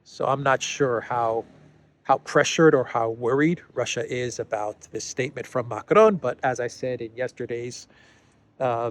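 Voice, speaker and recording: A man talking through the news on his own channel, at an ordinary middle pitch for a man. He speaks conversationally, stopping on fillers and restarting his sentences. He repeats key phrases to drive his points home. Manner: emphatic repetition of key phrases. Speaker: political commentary host. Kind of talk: solo news commentary.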